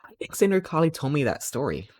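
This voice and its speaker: A man's voice: fairly high pitch, very animated, quick pace, a little mellow, husky, no room sound. A man streaming live, telling stories in a rambling, playful way and acting out quotes. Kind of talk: casual chat while streaming.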